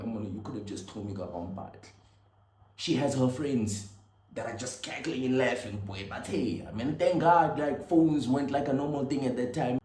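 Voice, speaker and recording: Slangy man, echoey room. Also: mid-range voice. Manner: animated, slangy, swings from loud to hushed. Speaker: vlogger. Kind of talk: storytelling monologue. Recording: echoey room with faint ambience.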